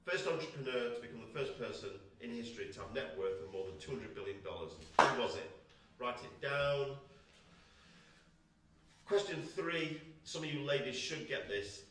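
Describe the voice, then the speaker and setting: A man who is a church pastor, talking casually and teasing as he hosts a quiz. His voice sits at an ordinary male pitch. It is captured from a distance in a strongly reverberant room. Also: brisk, hardly any pauses. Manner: jokey, animated, teasing. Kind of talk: casual online church chat, hosting a quiz. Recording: echoey room, voice picked up from a distance.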